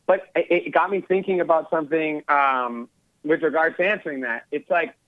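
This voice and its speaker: A male caller from the Los Angeles area who talks in a loose, rambling way and leans on fillers. His fairly high voice comes through a dull, muffled line with a dry sound. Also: moderate pace, dry recording. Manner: casual, rambling, full of fillers like "like". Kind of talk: phone-in conversation.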